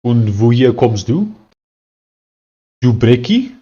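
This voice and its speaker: A young man live-streaming his coding work, thinking aloud and reading out chat in a loose, halting way with many fillers. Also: mid-range voice, sing-song, dark tone, highs cut off. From South Africa. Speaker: live-streaming software developer.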